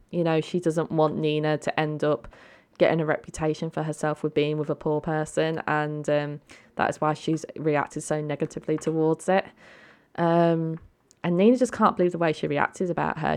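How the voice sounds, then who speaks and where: A woman hosts a let's play, offering casual, chatty game commentary full of ums and asides to her viewers. Her voice sits low and has a smooth, darkish tone.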